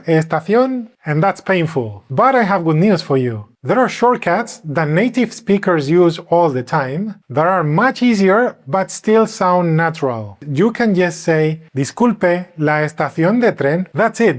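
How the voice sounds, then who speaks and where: Man teaching phrases, slightly high voice. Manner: clear, slows down to model phrases. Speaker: language teacher. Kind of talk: scripted language lesson.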